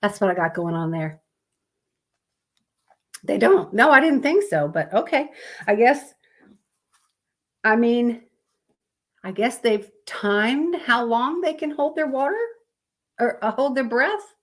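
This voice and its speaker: A woman's voice: fairly high pitch, animated, takes it slowly, long pauses. A woman, chatting casually on a live stream, reading out fun facts to viewers in a rambling, sleepy way. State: sleepy, yawning.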